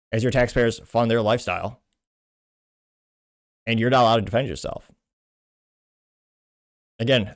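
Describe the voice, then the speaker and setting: A man's voice: medium pitch, dry recording, studio quality. A man from Texas, ranting through indignant political commentary as host.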